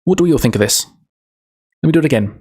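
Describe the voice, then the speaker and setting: A man's voice: mid-range voice, expressive, racing, darkish tone, breathy edge. A man on a casual livestream who rambles, interrupts himself and laughs easily, then reads a book aloud.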